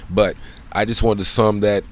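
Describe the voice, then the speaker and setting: Low-voiced man rambling casually. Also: level tone, normal speed. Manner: rambling, loose slang, frequent "you know what I'm saying"; profane, conversational. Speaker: solo channel host. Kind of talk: casual spoken monologue.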